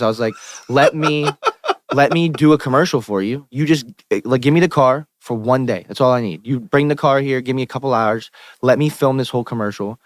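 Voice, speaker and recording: Animated young man telling a story. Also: mid-range voice, no room sound, studio quality. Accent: Pittsburgh. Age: young adult. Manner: animated, profane, quotes himself and others in lively asides. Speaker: musician guest. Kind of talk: casual podcast storytelling. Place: podcast studio.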